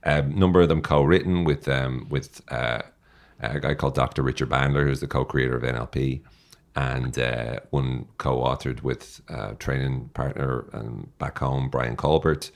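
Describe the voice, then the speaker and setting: An Irish man speaks as a podcast guest in a very deep, low voice. He chats casually, joking and poking fun at himself, with plenty of ums and filler words. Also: steady tone, normal speed, creaky. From Ireland. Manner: joking, self-deprecating, many fillers. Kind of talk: casual interview chat.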